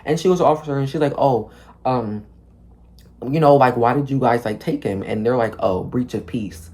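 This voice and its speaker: A young man telling a storytime monologue in a rambling, animated way, packed with "like", profanity and slang, acting out the people in his story. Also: mid-range voice, fairly quick. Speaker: vlogger.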